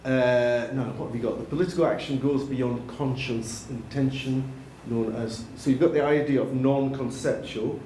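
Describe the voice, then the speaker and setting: A man's voice: medium pitch, steady tone, normal speed, few pauses, dark tone. A man leading a classroom writing session, thinking aloud and correcting himself as he edits a text. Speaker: English writing tutor. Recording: echoey room with faint noise.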